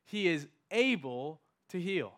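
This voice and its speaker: A man preaching a sermon as pastor, emphatic, slowing down to stress key words. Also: a little high, very animated, a bit bright.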